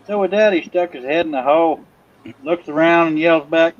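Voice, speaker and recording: A man's voice: fairly high pitch, moderate pace. A man co-hosting a live stream who tells jokes and chats casually. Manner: joking storyteller. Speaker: stream co-host. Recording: dull lo-fi audio.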